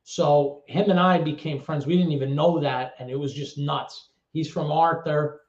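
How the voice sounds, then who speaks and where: A middle-aged man speaks candidly in a slightly high voice, blunt and full of curses, stumbling over repeated words. The recording is roomy and a little dull and lo-fi. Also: steady tone, a little mellow. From New York. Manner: blunt, heavy swearing, halting repetitions. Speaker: interview guest. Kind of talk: candid storytelling.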